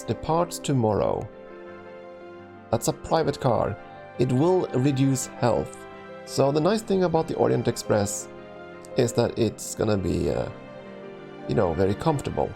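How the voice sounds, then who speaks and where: Gravelly-voiced man casually narrating a game. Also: medium pitch, sing-song, moderate pace, long pauses, over music. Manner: rambling, chuckling, frequent ums and restarts. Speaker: let's play streamer. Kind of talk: casual game commentary, reading game text aloud.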